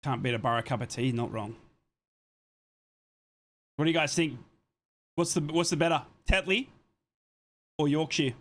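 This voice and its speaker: A man hosting a live football watchalong, giving casual play-by-play and chatting with viewers' comments, often apologizing as he goes. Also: a little high. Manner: chatty, reads and answers viewer comments between plays; apologetic, quick to say sorry.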